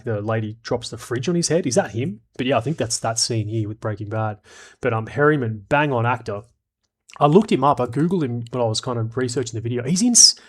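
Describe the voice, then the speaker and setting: Guy reviewing a show: rambling, frank, swears a lot. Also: mid-range voice. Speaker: show reviewer reading viewer comments. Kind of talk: casual commentary.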